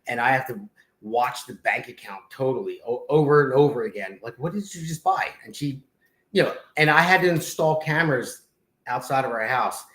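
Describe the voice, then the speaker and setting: A middle-aged man with a New Jersey accent hosts a casual podcast, cracking jokes and ribbing his co-host. His voice is bright and forceful. The room is echoey. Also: medium pitch, moderate pace. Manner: joking, teasing, playful storyteller.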